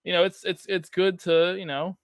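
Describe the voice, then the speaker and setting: A man's voice: sits high, steady tone, moderate pace, clear, resonant tone, no echo, clean studio sound. A man co-hosting a sports podcast in a laid-back, agreeable casual way, with many fillers. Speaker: podcast co-host.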